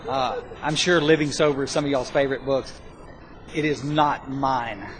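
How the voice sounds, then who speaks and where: A man telling his recovery story to a live audience, rambling and self-mocking, with bursts of loud emphasis. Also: mid-range voice, fairly even intonation, normal speed, crowd noise, rough recording. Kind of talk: spoken testimony to a live audience.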